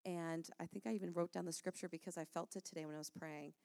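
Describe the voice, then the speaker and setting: A woman speaking earnestly and warmly in a conversational Christian talk, laughing often as she encourages listeners. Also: lowish voice, steady tone, fast, gravelly, no echo.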